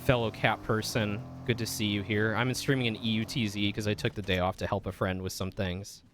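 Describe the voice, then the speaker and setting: Speaking fairly fast in a lowish, flat voice, this male vtuber chats casually with viewers as he streams a game, with noise audible in the background. His talk rambles and is full of fillers, and tense moments in the game bring frequent swearing.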